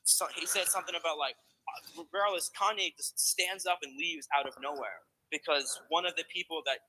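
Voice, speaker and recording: A man talking in a loose podcast conversation, his voice sitting a little high for a man. He rambles, swears freely and wanders from one tangent to the next. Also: fairly quick, pushed and bright, slightly rough, no room sound, low-quality recording. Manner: rambling, profane, goes off on tangents. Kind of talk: casual podcast chat.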